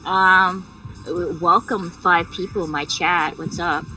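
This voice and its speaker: Sick and sore-throated, this woman streams games and chats slowly in a fairly low, steady, sharp-toned voice. She rambles, curses and leans on lots of fillers, all picked up by a distant mic over music.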